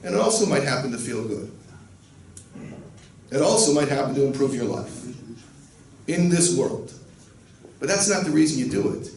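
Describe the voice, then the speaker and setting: A man's voice: medium pitch, big pitch swings, moderate pace, creaky, pauses often, a little mellow. A man giving a Torah lecture as a rabbi, earnest and teaching, with Yiddish and Hebrew words woven into his talk. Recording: roomy, distant mic, faint noise.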